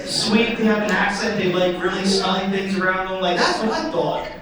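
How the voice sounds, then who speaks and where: A man's voice: high-pitched, steady tone, normal speed, a loud crowd. A young man doing stand-up comedy, telling stories in a casual, rambling way. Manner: casual, storytelling, filler-heavy. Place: theatre stage. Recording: echoey theatre, voice from a distance.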